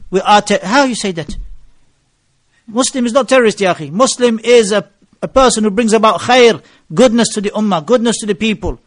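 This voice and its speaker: Guy preaching, high voice, animated storytelling, throws in phrases. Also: no echo, clean studio sound. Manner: mixes Arabic phrases into English, animated storytelling. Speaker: Islamic preacher. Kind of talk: lecture to a gathering.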